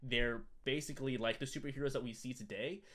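A man's voice: mid-range voice, fairly even intonation, fast talker, a bit bright. A man co-hosting a podcast in casual chat, rambling with many fillers and restarts. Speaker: podcast co-host.

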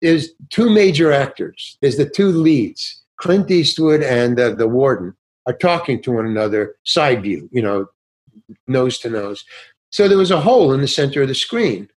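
A man's voice: mid-range voice, lively intonation, normal speed, a little mellow. An older man, a guest actor in a casual interview, telling rambling anecdotes with many restarts and acting out bits of dialogue.

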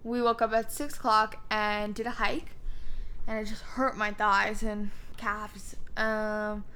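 Giggly young woman with a bright voice. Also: mid-range voice, level tone, clear, resonant tone. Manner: giggly, rambling, quick to laugh. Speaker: podcast co-host. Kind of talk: casual chat.

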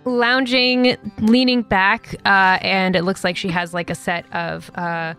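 A woman game master describes scenes in a tabletop game with a bright, forceful voice. She talks loosely and fills her sentences with "like" and "uh", and faint guitar music plays underneath. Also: medium pitch, fairly even intonation, a little slow, smooth. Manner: loose, many fillers and likes.

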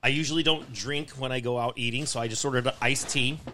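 A young man rants on his podcast in an exasperated, casual way. He swears almost every sentence as he tells a long story. His voice sits at an ordinary middle pitch. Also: fairly even intonation, fast, bright, forceful tone, slight background noise. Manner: profane, exasperated ranting. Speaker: podcast host. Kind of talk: casual ranting podcast chat.

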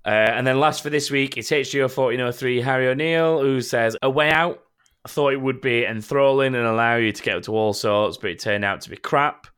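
A man's voice: mid-range voice, a little fast, a bit bright, clean tone. A man hosting a casual gaming podcast, rambling and joking, swearing now and then. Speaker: podcast host.

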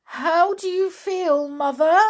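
A woman doing a panicky, shrill mother. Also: slow pace. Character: anxious, fussing middle-aged mother.

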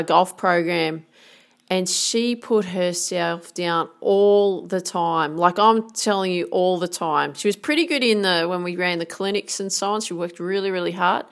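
A middle-aged woman golf coach, giving an earnest, emphatic motivational talk. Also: lowish voice.

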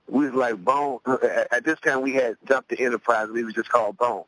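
A middle-aged man from Cleveland, a rapper guest, telling a story casually, often repeating words as he restarts, and lifting his pitch to act out quoted voices. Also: brisk, hardly any pauses, fairly bright tone, no room sound, rough recording. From Cleveland, USA. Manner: loose, repeats words while restarting sentences.

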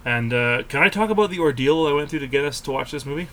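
A man hosting a podcast in casual chat, his voice raw and hoarse from a lingering cold, joking and playfully defensive. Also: fairly high pitch, expressive, quick pace, a bit bright, slight background noise. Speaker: podcast host.

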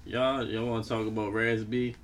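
A man in a casual podcast chat, laid-back, bringing up topics and agreeing quickly. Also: on the low side, flat delivery, a little hiss or hum.

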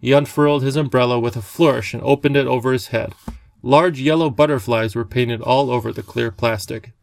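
A man narrating a children's book in a measured storytelling manner. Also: mid-range voice, steady tone, gravelly, no echo. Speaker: audiobook narrator. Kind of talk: scripted narration.

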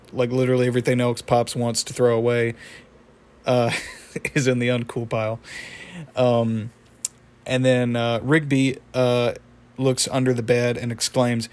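A man casually retelling a cartoon episode, halting with many fillers and small chuckles. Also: medium pitch, darkish tone. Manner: halting, lots of fillers and restarts, chuckles often. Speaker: episode recapper.

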